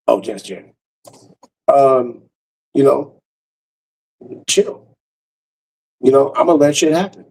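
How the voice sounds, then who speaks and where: A male comedian tells a story in a loose, profane way, laughing as he goes and restarting his sentences. His voice is mellow and sits at a middling pitch. He sounds a little distant from the microphone. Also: gravelly.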